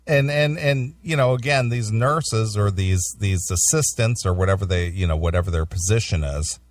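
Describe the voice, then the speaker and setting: A man's voice: on the low side, normal speed, distant mic. A male podcast co-host in casual chat who rambles, often restarting his sentences. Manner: rambling, with restarts and acted-out quotes.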